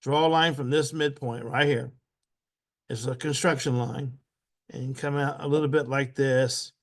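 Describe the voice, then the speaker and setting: A man teaching a step-by-step software tutorial. He repeats each step aloud patiently and keeps clearing his throat. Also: mid-range voice, steady tone, measured pace. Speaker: instructor.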